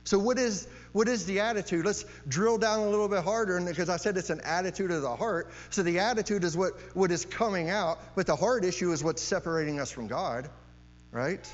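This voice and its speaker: A man preaching a sermon in a fairly high voice, pressing his points by repeating key phrases and tossing out rhetorical questions. His voice carries a long hall reverb, with a dull, muffled sound and a faint electrical hum underneath. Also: brisk.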